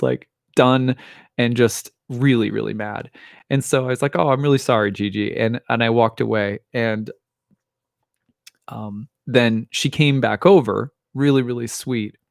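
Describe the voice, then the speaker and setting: A man's voice: mid-range voice, vocal fry, dry recording, studio quality. A man in his thirties, an astrologer, giving a thoughtful personal talk with frequent restarts and small laughs. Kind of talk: reflective personal monologue.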